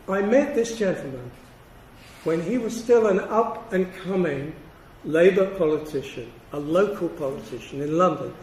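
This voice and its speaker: An older male professor lectures in a fairly high voice, stressing his points with measured, deliberate pauses. He sounds set back from the microphone in a roomy hall, with a faint hiss underneath. The delivery is that of an academic lecture. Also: a little mellow, recorded from a distance.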